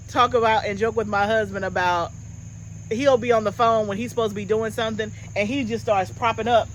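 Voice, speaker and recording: A woman's voice: mid-range voice, fairly even intonation, fairly quick, a little hiss or hum, low-quality recording. Chatty woman host, talks to viewers as y'all. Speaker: homestead gardening channel host. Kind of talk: casual chat.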